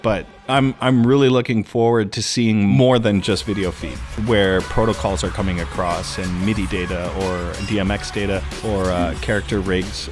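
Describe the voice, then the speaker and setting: A man talking casually in an interview, rambling and restarting his sentences as he explains technical ideas. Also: mid-range voice. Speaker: guest musician.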